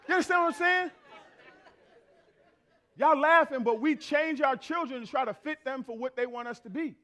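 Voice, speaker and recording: High-pitched middle-aged male pastor, lively storytelling preacher in a church. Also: normal speed, a faint crowd. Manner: animated storyteller acting out family dialogue. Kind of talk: sermon with comic anecdotes. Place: church sanctuary.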